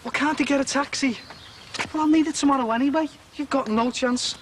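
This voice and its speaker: A man's voice: very high voice, fairly quick, noisy background. An actor playing a dry-witted, stubborn man. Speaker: friend and business partner. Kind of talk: soap opera acting.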